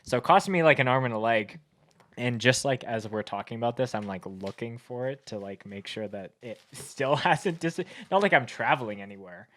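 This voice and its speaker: A man's voice: mid-range voice, lively intonation, normal speed, fairly bright tone. A man from Canada hosting a podcast, telling stories in a loose, rambling way full of "like" and "um". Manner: rambling, filler-heavy storytelling with frequent laughs. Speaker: podcast host. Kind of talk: casual chat.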